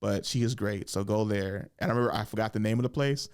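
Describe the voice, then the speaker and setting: A young man hosts his own podcast solo, talking fast in a lowish, clean-toned voice. He tells loose, profane stories in a casual monologue, laughing as he acts out the people in them.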